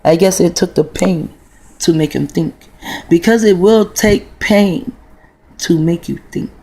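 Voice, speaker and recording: A woman's voice: on the low side, a little slow, dark tone, slightly rough. A woman in her forties telling a long, rambling, profane story in a casual vlog monologue, full of restarts. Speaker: vlogger.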